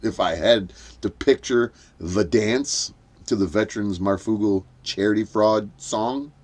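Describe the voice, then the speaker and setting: A man's voice: fairly low pitch, unhurried. An older man hosting a late-night livestream, rambling, swearing and cackling at his own jokes, punch-drunk from lack of sleep. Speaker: livestream host.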